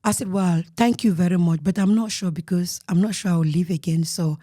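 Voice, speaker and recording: A woman with a Cameroonian accent telling her life story as an interview guest, earnest and emotional, often dropping to a soft murmur. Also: fairly low pitch, a little fast, dry recording, studio quality.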